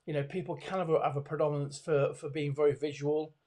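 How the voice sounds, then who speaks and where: A middle-aged man with a somewhat high voice talks as an expert guest over a webcam call. He hesitates often, restarting phrases and filling gaps with ums and you-knows. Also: steady tone, quick pace, a little mellow. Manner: hesitant, many fillers and restarts. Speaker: body language expert guest. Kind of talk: conversational video call interview. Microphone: video call webcam.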